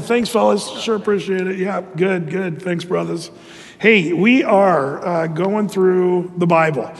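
A man's voice: high-pitched, unhurried, big-room sound. A male pastor praying and then teaching through a Bible chapter in a conversational, earnest way, with many fillers and restarts. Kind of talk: prayer and verse-by-verse sermon.

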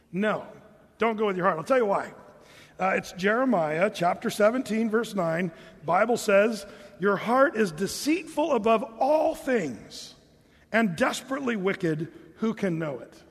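Brief: male pastor, high tenor, chatty sermon delivery, hall reverb. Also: a little fast. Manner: conversational preacher, mimics hearers in a higher voice.

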